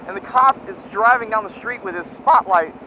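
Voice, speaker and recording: A man telling a rambling, profane story in a casual, animated way while riding outdoors. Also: high voice, fairly quick. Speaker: moto vlogger. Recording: loud traffic and engine noise.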